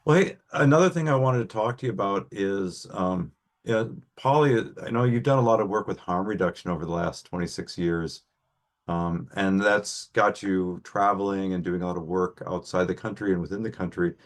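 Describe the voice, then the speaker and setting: A man hosting a radio interview, asking relaxed, conversational questions. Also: low voice, moderate pace. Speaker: radio show host. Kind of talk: casual interview.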